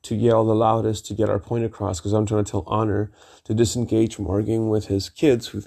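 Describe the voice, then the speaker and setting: A middle-aged man with a gravelly, dark voice tells a rambling personal story on his vlog. He talks emphatically, wanders off on tangents, and swears freely. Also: fairly low pitch, level tone, a little fast. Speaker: vlogger.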